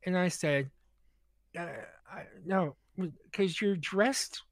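A man with a high voice tells a long story on a podcast, animated and full of stammered restarts as he acts out what others said. The sound is dry and close, with no room around it. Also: slow, no echo. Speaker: podcast co-host telling a story. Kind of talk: casual storytelling chat.

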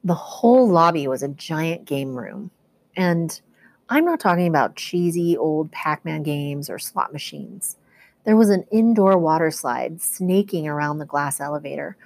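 Low-voiced woman reading a novel aloud. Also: dry recording. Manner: steady first-person storytelling. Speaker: teacher reading to students.

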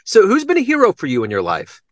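A man hosting a podcast interview, telling stories with enthusiasm and lively quoting. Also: sits high, fast, no room sound. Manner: enthusiastic storyteller, animated quoting. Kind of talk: casual interview chat.

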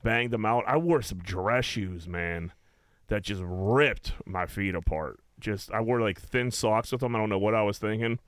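A man's voice: on the low side, moderate pace, fairly bright tone, no room sound, clean studio sound. A young man hosting a casual chat, rambling through his stories with plenty of swearing and filler words.

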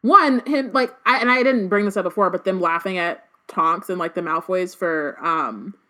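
Woman cohosting a book podcast, lowish voice, rambling and chatty with lots of um and like. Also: normal speed, bright, forceful tone. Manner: chatty, many fillers, summarizing and reading passages. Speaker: podcast co-host. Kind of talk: casual book discussion.

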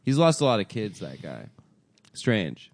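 A man's voice: on the low side, big pitch swings, measured pace, a little mellow. A young man co-hosting a comedy podcast, riffing crudely and laughing often in casual chat. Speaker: podcast co-host.

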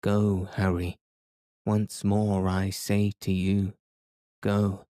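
Man reading stubborn old professor, commanding, insistent, deep low voice, very slow delivery. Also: monotone, dark tone, no echo, studio quality. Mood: stern. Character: stubborn older male professor, fierce explorer. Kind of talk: audiobook reading.

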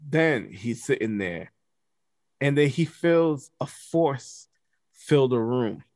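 A man telling a story in a casual, animated way, full of slang and profanity. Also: mid-range voice, slow pace, dry recording.

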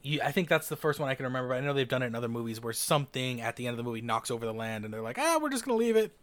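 A man's voice: medium pitch, level tone, racing, a bit bright, no echo. A man co-hosting a podcast, chatting casually and rambling with enthusiasm, swearing now and then. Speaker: podcast co-host. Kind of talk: casual chat.

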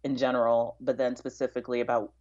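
A woman's voice: a bass voice, little pitch movement, quick pace, darkish tone, highs cut off. A woman chatting as a podcast guest, talkative, with frequent fillers and restarts. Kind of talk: casual interview chat.

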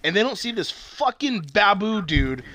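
A man's voice: high voice, big pitch swings, normal speed, bright, forceful tone, slight background noise. A man co-hosting a casual chat about a TV show, rambling and swearing, with lots of fillers and restarts. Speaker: podcast co-host.

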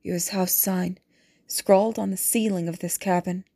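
A woman's voice: lowish voice, fairly even intonation, measured pace, creaky, no room sound, studio quality. Woman reading as a cool, cunning noblewoman. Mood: firm. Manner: soft, controlled and persuasive. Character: composed, cunning noblewoman mother.

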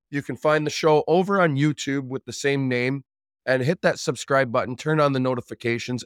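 A man's voice: medium pitch, clear, resonant tone, dry recording, clean studio sound. A man hosting a podcast, reading an upbeat scripted intro and plugging where to find the show. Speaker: podcast host.

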